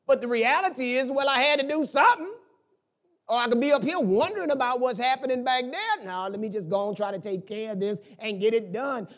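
A male pastor preaching a conversational sermon, with sudden rises and drops in loudness as he makes his points. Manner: conversational preaching with lively swings in pitch and volume.

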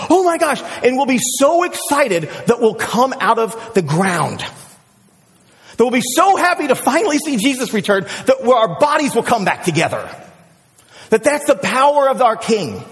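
Animated high-voiced male preacher. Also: in a large hall. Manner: animated storyteller, swings from excited shouts to hushed prayer. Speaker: pastor. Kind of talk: sermon.

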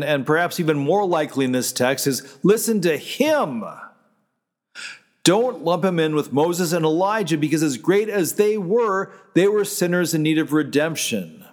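A man's voice: fairly high pitch, long reverb tail. A man, a pastor, preaching a sermon in a conversational way, stopping to restart and quoting scripture.

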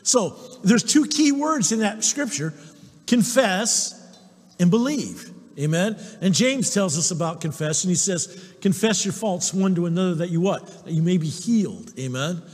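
A man's voice: high-pitched, lively intonation, normal speed, in a large hall. A male pastor preaching a sermon, emphatic, often asking the congregation "Amen?". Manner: emphatic preaching, repeated call-and-response "Amen?". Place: church sanctuary.

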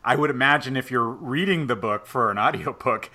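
A man's voice: mid-range voice, a little fast, pushed and bright. A man co-host commenting earnestly to a guest in a casual interview. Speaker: podcast co-host.

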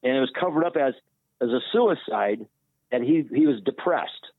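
A man, a former baseball pitcher, telling a story in casual conversation and acting out the dialogue as he goes. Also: moderate pace, dry recording. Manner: animated retelling with quoted dialogue. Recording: tinny phone line, dry.

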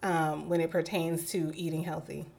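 A woman's voice: low-pitched, little pitch movement, moderate pace, vocal fry, a little mellow. A woman hosting a podcast, chatting casually, laughing often and quoting people as she tells a story. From New York. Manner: laughs often, quotes people in her stories. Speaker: podcast host. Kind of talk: casual chat.

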